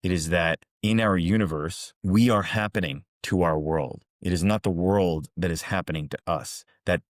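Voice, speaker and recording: A man hosting a reflective monologue, calmly and earnestly recounting parables. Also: low voice, normal speed, dry recording. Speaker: host, executive coach.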